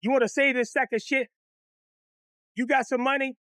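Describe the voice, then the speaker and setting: A man's voice: extremely high pitch, steady tone, normal speed, bright, forceful tone, dry recording, clean studio sound, voice pushed up. A man voicing a menacing debt collector who threatens bluntly and profanely.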